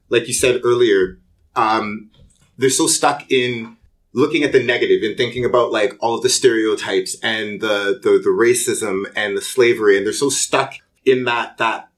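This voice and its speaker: A man and college student talking earnestly and with emphasis in a casual round-table chat. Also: mid-range voice. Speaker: student club member.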